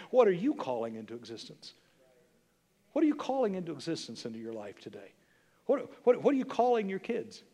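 A man's voice: on the high side, a little mellow, long reverb tail. A man in his sixties preaching a sermon as pastor, emphatic, with repeated phrases and rhetorical questions to the congregation. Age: 60s. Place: church sanctuary.

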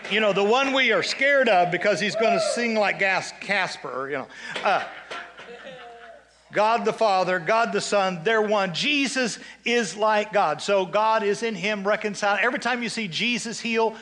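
A male pastor with a high, bright voice delivers a sermon. He slows right down to read scripture and leads the congregation in repeating lines. Between passages he drops into casual, joking asides. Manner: preaching with call-and-response, reading scripture slowly; conversational asides and humor.

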